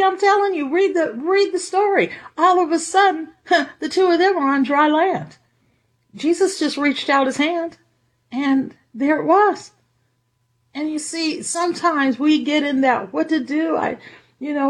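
Brief: high-pitched woman preacher, lively and chatty, laughs through her sermon. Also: measured pace. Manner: lively, conversational, laughs often.

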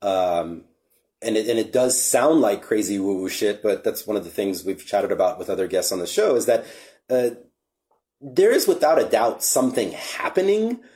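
A man hosting a podcast, talking in a relaxed, reflective way and swearing casually. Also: lowish voice, moderate pace. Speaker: podcast host.

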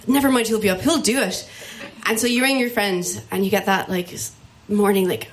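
An Irish woman telling a comic personal story live, animated and self-mocking, acting out the voices of the people in it. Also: mid-range voice, brisk. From Ireland.

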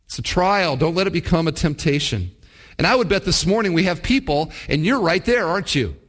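A man's voice: a little high, animated, fairly quick, fairly bright tone. A pastor, a man, preaching a sermon to his church, asking the congregation rhetorical questions and acting out quotes. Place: church service.

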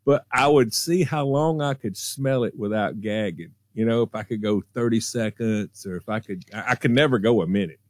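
A man telling a childhood story on a radio talk show, animated and acting out voices. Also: fairly low pitch, normal speed, few pauses, no echo, clean studio sound. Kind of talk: casual storytelling.

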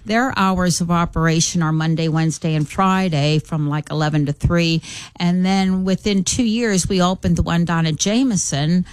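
A woman's voice: on the low side, moderate pace, smooth, no echo. A woman from the Pittsburgh area, a guest on a radio interview, explaining plainly with a few fillers. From North Hills, Pittsburgh. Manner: plain, informative, hesitant fillers. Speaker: guest, program coordinator. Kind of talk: interview answers.

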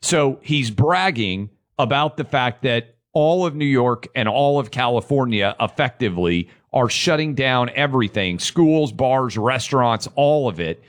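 A man co-hosting a political talk show, emphatic as he reads out quotes and argues. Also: mid-range voice. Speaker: radio co-host.

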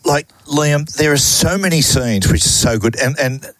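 A man's voice: a little high, moderate pace, no room sound. A man hosting a casual radio chat show, talking about a film. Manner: animated, acts out film quotes.

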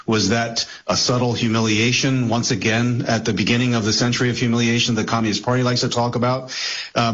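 A man speaking as a guest analyst, measured and thoughtful, often pausing with hesitant fillers and restarting his sentences. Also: mid-range voice, fairly bright tone. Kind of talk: analytical commentary on a talk show. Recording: dull, lo-fi audio.

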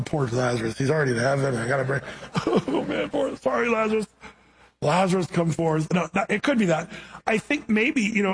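A man delivers a sermon with animated, conversational energy. His voice sits high and carries a husky edge. He often slips into acted-out quotes. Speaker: pastor.

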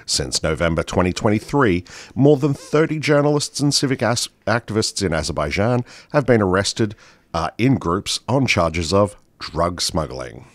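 A man's voice: lowish voice, very animated, normal speed, dry recording. An Australian man co-hosting a community radio news show, reading world news with dry sarcastic asides. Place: radio studio.

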